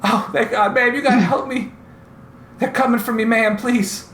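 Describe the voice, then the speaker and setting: A man's voice: very high voice, fairly even intonation, moderate pace, a bit bright, roomy sound, slight background noise, voice pushed up. A man voicing a bleeding, panicked old man who pleads frantically for help.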